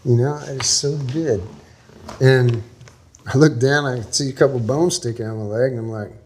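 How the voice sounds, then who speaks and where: A man's voice: medium pitch, fairly even intonation, moderate pace, a little mellow. A man from Texas, a guest in an interview, telling a long story in a folksy, rambling way with small laughs.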